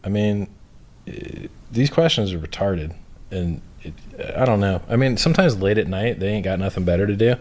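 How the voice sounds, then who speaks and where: A man's voice: fairly low pitch, normal speed, a little mellow. A man hosting a livestream, chatting casually in a blunt, opinionated way with frequent swearing. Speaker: livestream host. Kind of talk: casual chat.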